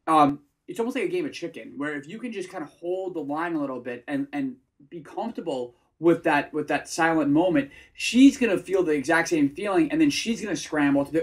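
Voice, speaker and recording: A man, a dating coach, giving energetic advice in a casual conversation. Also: fairly high pitch, a little fast. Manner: energetic, acts out example voices.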